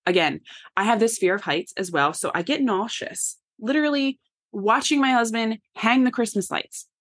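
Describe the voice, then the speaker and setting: A woman's voice: on the high side, moderate pace. Candid woman telling a personal story. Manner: animated, candid, addresses listeners as y'all. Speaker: podcast host.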